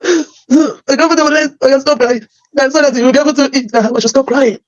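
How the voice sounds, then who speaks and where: A woman with a Nigerian accent telling her life story as emotional personal testimony, halting and often repeating her phrases. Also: sits high, dry recording, highs cut off.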